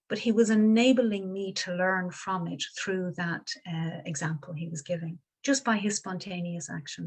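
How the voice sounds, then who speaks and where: Middle-aged woman, Buddhist teacher, low gravelly voice, gentle reflective dharma talk, halting restarts. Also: rough recording.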